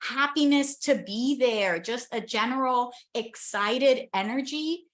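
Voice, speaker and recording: A young adult woman from the United States telling travel stories as an interview guest, animated and enthusiastic, with many quick asides. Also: fairly high pitch. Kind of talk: casual storytelling in an interview.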